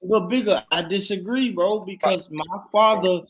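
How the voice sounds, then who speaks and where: Loud, laughing male podcast host. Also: high voice, normal speed, slight background noise. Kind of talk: casual group chat.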